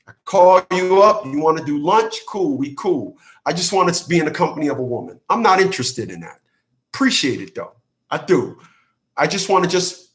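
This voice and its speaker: A man's voice: on the high side, fairly bright tone. Blunt profane man ranting. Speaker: channel host. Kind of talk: rant monologue to camera.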